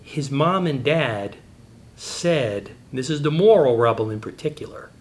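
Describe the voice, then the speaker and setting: Man, middle-aged, apologetics teacher, animated, digressive, personal anecdotes. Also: unhurried. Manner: animated, digressive storytelling with sudden pitch jumps. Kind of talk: teaching talk with personal stories.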